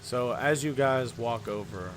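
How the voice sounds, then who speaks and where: A man narrating as game master of a tabletop role-playing game in a relaxed, conversational way. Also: mid-range voice, a little slow, soft background music.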